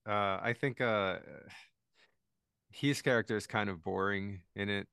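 A man's voice: fairly low pitch, unhurried, pushed and bright, clean tone, dry recording, clean studio sound. A man co-hosting a podcast in casual chat, laid-back and hesitant, laughing often. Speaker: podcast co-host.

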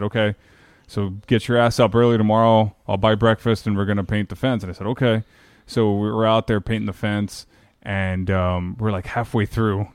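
A man's voice: lowish voice, clear, resonant tone, no room sound. A man, telling a rambling, profane story in casual chat. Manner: rambling storyteller, swears freely.

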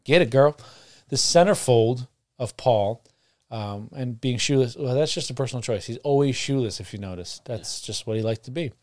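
A man co-hosting a podcast in casual chat, relaxed and rambling, with a frog in his throat. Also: mid-range voice, moderate pace. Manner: relaxed, rambling with fillers and laughs. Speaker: podcast co-host.

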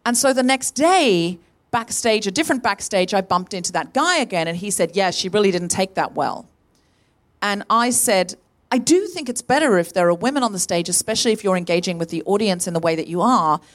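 A woman hosts a live comedy podcast from a stage before an audience. She tells a long personal story in an animated way, acting out the voices of the people in it. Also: medium pitch, brisk. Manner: lively, animated storyteller who acts out quoted people. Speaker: podcast host.

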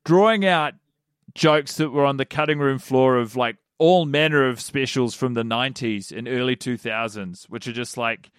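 A man's voice: mid-range voice, moderate pace, clean tone, no echo, studio quality. A man co-hosting a podcast, casually picking apart a comedy special and rambling with lots of filler words. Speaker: podcast co-host. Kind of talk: casual comedy review chat.

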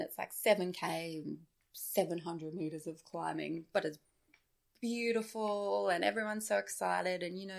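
A woman telling a story as a podcast guest, animated and full of "like". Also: mid-range voice, vocal fry. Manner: animated, with frequent filler "like". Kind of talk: casual storytelling chat.

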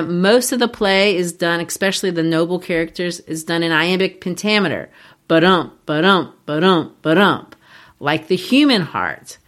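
A woman co-hosting a podcast, explaining a play and tapping out its rhythms aloud, laughing easily. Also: lowish voice. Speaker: podcast co-host. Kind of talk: casual literary discussion.

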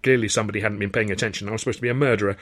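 A man reading his own novel aloud as author-narrator, with brisk, wry storytelling. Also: fairly low pitch, steady tone, a bit bright. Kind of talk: audiobook narration.

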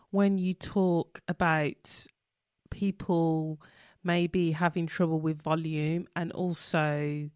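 A woman's voice: on the low side, darkish tone, clean tone, no room sound, clean studio sound. A woman hosting a podcast interview, friendly and a little hesitant as she asks questions. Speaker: podcast host.

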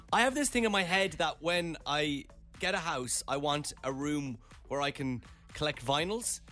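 A man's voice: a little high, pushed and bright. A man co-hosting a radio show in casual chat, laughing easily. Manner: chatty, quick to laugh. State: hungover. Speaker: radio host.

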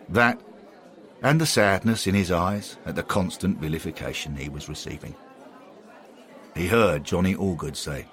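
Lively wry storyteller man. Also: sits low. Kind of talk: scripted comic story narration.

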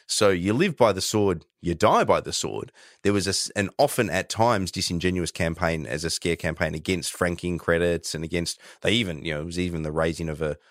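An Australian man co-hosting a podcast, telling a political story in casual chat with animated delivery. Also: sits low, a little fast, no echo, clean studio sound. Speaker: podcast co-host.

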